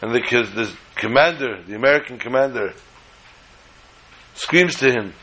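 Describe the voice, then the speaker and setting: A man's voice: mid-range voice, normal speed, pushed and bright, low-quality recording. A man telling a story in a sermon, acting out the dialogue with animation.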